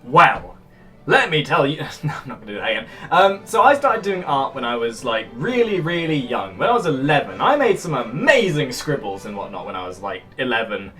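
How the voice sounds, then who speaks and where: Animated young Englishman with posh accent. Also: medium pitch, brisk, faint music behind. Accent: upper-class sounding English. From England. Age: young adult. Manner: animated and jokey, with bursts of loud shouting. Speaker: YouTuber answering viewer comments. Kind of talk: casual vlog chat.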